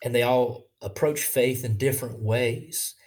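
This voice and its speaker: A man with a Southern accent talks in an earnest, halting way, often starting his sentences over. He is a pastor chatting casually on a podcast, and his voice sits at an ordinary pitch. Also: a little mellow. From Bible Belt, US. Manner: earnest, halting with many restarts.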